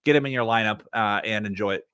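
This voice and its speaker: A man's voice: lowish voice, quick pace, sharp tone, clear, resonant tone, no room sound. A man co-hosting a fantasy baseball podcast, talking in a sarcastic, rambling way. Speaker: podcast co-host. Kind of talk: casual podcast chat.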